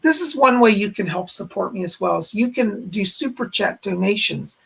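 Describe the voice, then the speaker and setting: A man hosting a psychic live stream with a hoarse voice that keeps going out, chatting to viewers and leading a guided meditation. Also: sits high, expressive, moderate pace, sharp tone. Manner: speaks straight to viewers, frequent throat clearing. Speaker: psychic medium host.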